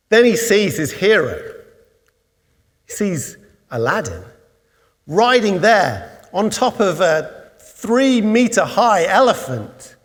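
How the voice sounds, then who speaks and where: A man preaching a sermon in a church, telling stories in an animated way that rises to excited peaks. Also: sits high, big-room sound. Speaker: pastor.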